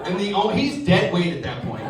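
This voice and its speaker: Young male comic, high voice, lively storytelling, echoey club sound from a distant mic. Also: fairly quick. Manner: animated storytelling, acts out voices of others. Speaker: stand-up comedian. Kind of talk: stand-up comedy set. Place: comedy club stage. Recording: echoey club mic with crowd laughter, from far off. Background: audience laughing.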